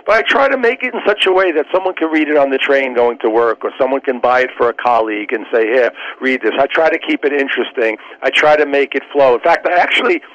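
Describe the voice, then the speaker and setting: A man of middle pitch makes his case like a trial lawyer, earnest and explanatory. His voice comes through a dull, muffled radio sound as he lays out his points to the audience. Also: quick pace, few pauses, a bit bright. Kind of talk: persuasive radio interview answer.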